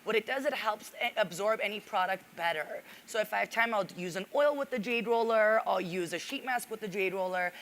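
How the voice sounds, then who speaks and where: A woman's voice: mid-range voice, a little fast, few pauses, fairly bright tone. A woman makeup artist on a live beauty panel who explains her routine earnestly and often addresses the audience as "you guys.". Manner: earnest, instructive, keeps saying "you guys". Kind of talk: casual panel talk. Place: live panel on a stage at a fashion event.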